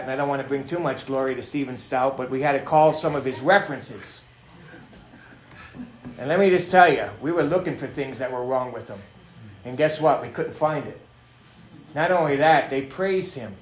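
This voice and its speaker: High-voiced animated male pastor preaching. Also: reverberant. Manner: animated, rising to shouts on emphasis. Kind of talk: sermon. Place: church sanctuary.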